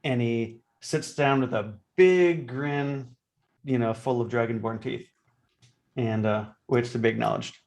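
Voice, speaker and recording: A man's voice: medium pitch, unhurried, a little mellow. Guy at a tabletop game, ums a lot while narrating his character. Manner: hesitant, full of fillers. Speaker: player. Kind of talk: describing his character's actions.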